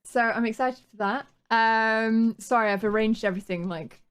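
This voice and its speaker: A woman's voice: fairly high pitch, normal speed, fairly bright tone, clear, resonant tone. A woman hosting a stream, signing off casually with many hesitations and frequent laughs. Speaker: stream host.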